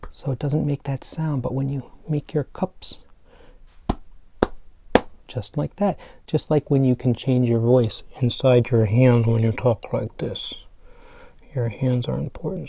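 Slow, mellow-voiced man teaching preschoolers. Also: medium pitch, vocal fry. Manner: gentle, playful, explaining step by step to small kids. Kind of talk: remote lesson for young children.

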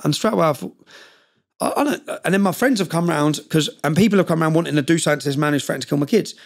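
A middle-aged man talks at a rapid clip, his voice sitting a little high. He recounts events intensely as a podcast guest and keeps asking "yeah?" to check that his listener is following. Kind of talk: storytelling in conversation.

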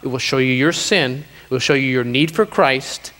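A man preaching a sermon to a congregation, slowing down to stress key lines. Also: medium pitch, fairly bright tone. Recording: long reverb of a hall.

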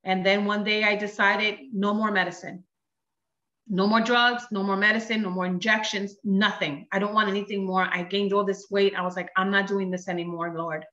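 A woman's voice: medium pitch, level tone, moderate pace, sharp tone. A woman giving an earnest personal faith testimony, telling her story and acting out the dialogue in it. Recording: dull roomy recording.

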